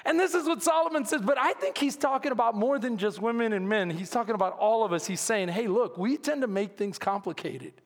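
A man's voice: high voice, fairly quick, hardly any pauses. A male pastor with a Texan accent, preaching a sermon with humorous stories and acted-out dialogue, calling for amens. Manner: humorous storytelling, acts out dialogue, calls for amens. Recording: long hall reverb.

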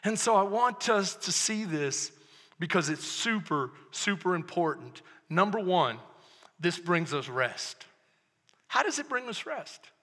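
A man preaching a sermon as pastor, calling for amens and swinging from loud to hushed. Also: high voice, sing-song, measured pace, in a large hall.

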